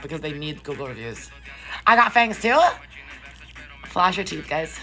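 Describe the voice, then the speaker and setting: A woman live streaming from a hotel room, ranting casually and profanely to her viewers in an incredulous, animated way. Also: lowish voice, a little fast, long pauses, faint music behind. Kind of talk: casual chat.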